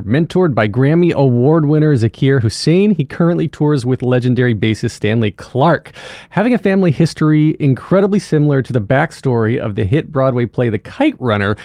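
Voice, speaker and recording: A man's voice: mid-range voice, darkish tone, dry recording, studio quality. A man in his forties hosting a podcast, chatting enthusiastically and often restarting his sentences. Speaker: podcast host. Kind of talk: casual interview chat.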